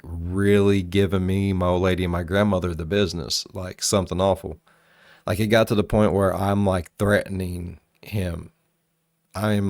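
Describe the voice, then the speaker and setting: A man hosting a reaction video, telling rambling, profane stories in a casual, animated way. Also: sits low, dry recording, clean studio sound. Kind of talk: casual storytelling commentary.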